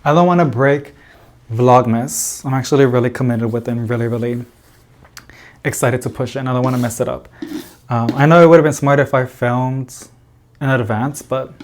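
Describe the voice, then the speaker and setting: A man's voice: mid-range voice, slight background noise. A man chatting casually to camera as a plant vlogger in an indoor plant room, rambling with lots of fillers and little laughs.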